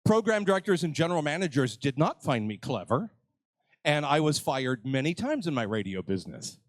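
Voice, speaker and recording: A man's voice: on the high side, very animated, fairly quick, dry recording. An older man hosting a live convention panel, joking with the crowd and mocking himself. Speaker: panel host. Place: convention stage.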